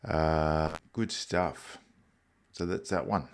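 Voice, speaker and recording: A man's voice: a bass voice, extremely slow, creaky, clear, resonant tone. An Australian man hosting a live photography show, chatting casually about viewer photos while a bit congested. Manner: relaxed, rambling, with frequent fillers. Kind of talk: live-stream chat reviewing viewer photos.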